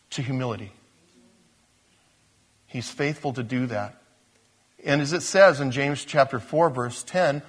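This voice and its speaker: A man preaching a sermon, animated, moving between loud emphatic lines and low, slow ones. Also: breathy edge.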